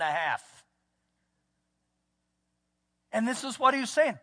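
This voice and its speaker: Texan male pastor, very high pitch, folksy storyteller, preaching in a church with long reverb. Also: very animated, slow, long pauses, a bit bright. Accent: Texas. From United States. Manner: folksy storytelling, acts out quotes. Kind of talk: sermon. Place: church sanctuary.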